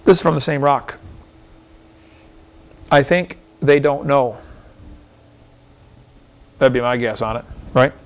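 A man's voice: mid-range voice, slow pace, long pauses. A man giving a seminar lecture to a live audience in a folksy, argumentative way, firing off rhetorical questions and chuckling often.

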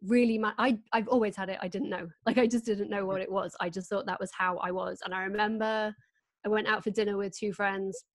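A woman in her thirties hosts a relaxed video call and speaks candidly about her own life. She laughs easily and tells her stories quickly. Her voice sits in a middle register and is recorded close, with no room echo. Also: medium pitch. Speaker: host. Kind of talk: casual video-call chat.

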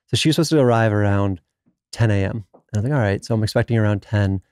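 A man, talking fast in a low, mellow voice. He tells a long story in casual conversation and acts out every quoted line. The sound is close and dry. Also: dry recording. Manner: animated storyteller who acts out quoted dialogue. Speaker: podcast guest.

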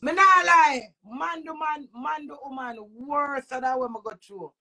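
A woman's voice: sits high, normal speed, slight background noise. A middle-aged woman with a Jamaican accent, ranting heatedly and profanely to camera in a personal vlog. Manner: profane, emphatic, with sudden loud outbursts and laughs. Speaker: vlogger.

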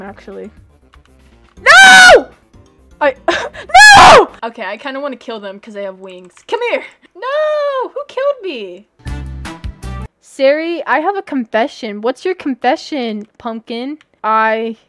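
A young woman giving casual livestream commentary while gaming, excitable and giggly, breaking into squeals and shrieks. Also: a little high, moderate pace, soft background music. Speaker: gaming streamer.

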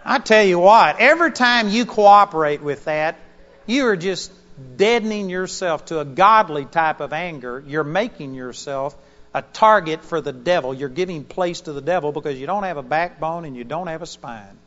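A preacher delivering a sermon to a congregation in an auditorium, swinging between loud emphatic bursts and quiet asides. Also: male voice, on the high side, moderate pace, long reverb tail, dull audio.

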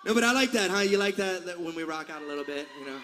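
A man's voice: high-pitched, lively intonation, rapid-fire, a bit bright. A man in his forties chatting and laughing with a concert crowd between songs, telling rambling stories. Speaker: singer addressing a concert crowd. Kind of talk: onstage banter. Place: large concert venue on stage. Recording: live hall reverb, faint crowd noise.

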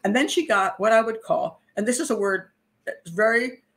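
A woman's voice: mid-range voice, normal speed, a bit bright. Chatty woman telling a story with laughs. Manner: chatty, laughs often, acts out quotes. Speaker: criminal profiler and show host. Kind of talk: casual storytelling monologue.

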